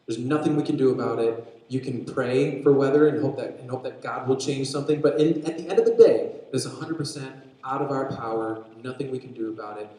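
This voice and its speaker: Mellow-voiced preacher in an echoey room. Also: male voice, medium pitch, a little fast, hardly any pauses. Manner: animated storytelling with frequent restarts. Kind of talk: sermon, retelling a story.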